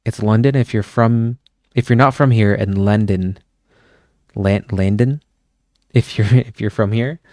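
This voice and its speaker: A man's voice: fairly low pitch, fairly even intonation, normal speed, a little mellow, dry recording, studio quality. A man streaming, chatting casually with his viewers, rambling and swearing as he goes. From Canada. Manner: rambling, swears often, chuckles.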